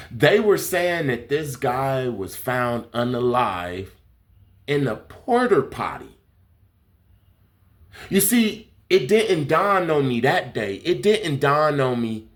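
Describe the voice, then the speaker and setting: A man delivering a spiritual conspiracy monologue, slow, emphatic and repetitive. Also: mid-range voice. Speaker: conspiracy vlogger.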